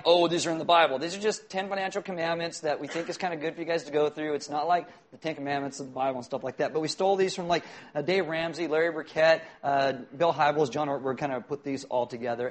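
A middle-aged male pastor giving a sermon in a conversational, joking way, asking the congregation questions. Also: a little high. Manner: conversational, jokey preaching with audience questions.

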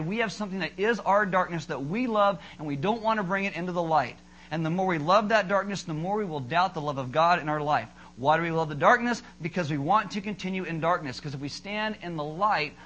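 A man pastor preaching a sermon at a church service in a conversational way, telling humorous stories and slowing down to stress his key points. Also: high-pitched, a bit bright, low-quality recording.

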